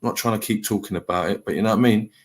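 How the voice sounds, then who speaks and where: A man's voice: fairly low pitch, steady tone, racing. A middle-aged man hosting a live stream panel, talking bluntly and lecturing in a heated chat.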